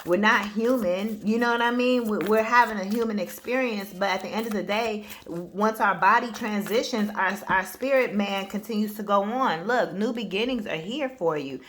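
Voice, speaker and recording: A woman's voice: mid-range voice, moderate pace, few pauses, a bit bright. A woman speaking as a spiritual life coach, giving a casual motivational talk in a blunt, emphatic way, addressing the listener directly.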